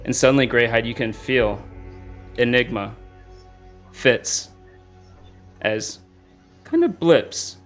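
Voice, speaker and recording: Guy running a dnd game, mid pitch, easygoing narration, faint music under. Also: slow, pauses often. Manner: relaxed, conversational narration with fillers. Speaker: game master.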